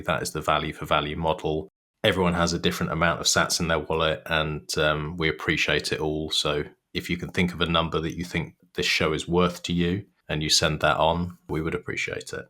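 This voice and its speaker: A man's voice: a bass voice, bright, forceful tone. A British man co-hosting a casual podcast, reading listener messages aloud, laughing and swearing casually. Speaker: podcast co-host.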